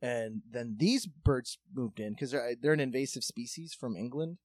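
A man's voice: medium pitch, moderate pace, no room sound. A man telling a long story in casual comedic chat, swearing freely and acting out what others said. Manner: profane, animated, acts out quotes.

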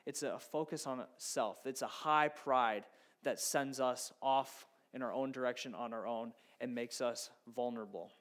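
A man's voice: medium pitch, fairly even intonation, moderate pace, fairly bright tone. A man in his thirties preaching a conversational sermon, acting out imagined inner thoughts. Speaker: pastor.

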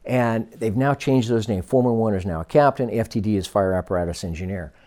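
A man's voice: lowish voice, a little fast, warm tone. A man in his sixties from Northern California, a retired fire captain, telling stories in an interview and acting out the lines of people he quotes. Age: 60s. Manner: storytelling, acts out quoted dialogue. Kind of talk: oral history interview.

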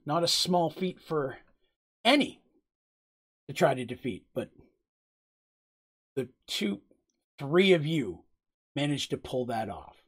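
A man voicing a calm, sly older stranger who speaks in a dry, knowing way. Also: a little high. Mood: curious.

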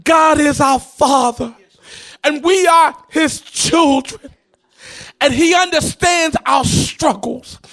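A man preaching a sermon in a chanting, repetitive cadence, often rising into shouts and sing-song. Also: very high voice, slow. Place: church.

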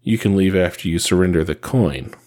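A man's voice: deep voice, brisk, a little mellow, natural voice. A man voicing a stubborn young male hero in a read-aloud story, firm and insistent.

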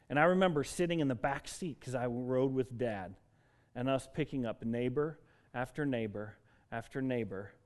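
A middle-aged man from Denver preaching a sermon as pastor, moving between emphatic declarations and soft, reflective passages. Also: mid-range voice. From Denver, Colorado.

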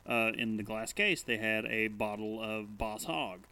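A man co-hosting a casual podcast chat, telling jokey stories in an animated way. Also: lowish voice, unhurried, smooth. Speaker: podcast co-host.

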